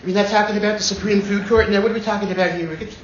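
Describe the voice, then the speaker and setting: A man's voice: sits high, fairly even intonation, racing, a little hiss or hum, natural voice. A man doing an impression of a blustering older male president who meanders and interrupts himself. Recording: echoey dull lo-fi room recording.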